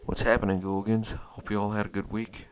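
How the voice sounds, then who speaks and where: A man's voice: lowish voice, flat delivery, a little fast. A man hosting his metal music channel in a rambling casual chat, cursing constantly and full of fillers.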